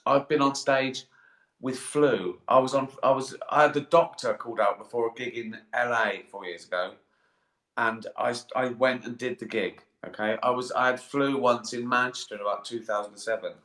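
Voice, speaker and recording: Guy in the bath, tired, sweary rambling chat, bright voice, echoey bathroom. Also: mid-range voice, normal speed. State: tired and sleepy. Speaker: comedian hosting a live stream. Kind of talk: casual live-stream chat.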